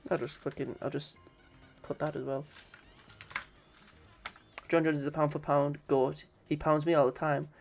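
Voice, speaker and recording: A man's voice: a little high, little pitch movement, moderate pace, gravelly, long pauses, soft background music. A man streaming casually, swearing and bantering with his chat.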